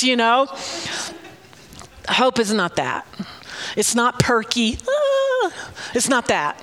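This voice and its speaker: A middle-aged woman pastor giving a sermon, emotional and often near tears, laughing between lively asides. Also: a little high, slow, pauses often. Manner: emotional, tearful, laughing and animated. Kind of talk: sermon with personal prophetic words.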